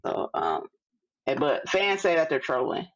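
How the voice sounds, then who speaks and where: A woman, co-hosting a casual podcast chat, halting and full of fillers. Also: low voice, no room sound. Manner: relaxed, halting, lots of fillers. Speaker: podcast co-host. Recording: dull lo-fi sound.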